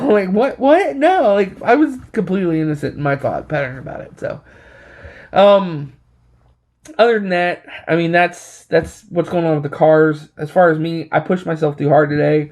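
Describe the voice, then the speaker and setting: A man's voice: fairly high pitch, a little mellow. A man telling a casual story on his vlog, rambling with many fillers and restarts, a little short of breath. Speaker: vlogger.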